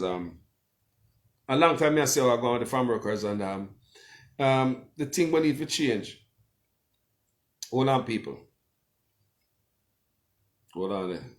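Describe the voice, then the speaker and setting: A man with a Jamaican accent, a blogger hosting a livestream, talking with passion and calling out to his viewers. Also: lowish voice. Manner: impassioned, keeps calling out to viewers as people. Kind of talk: livestream commentary with a phone-in guest.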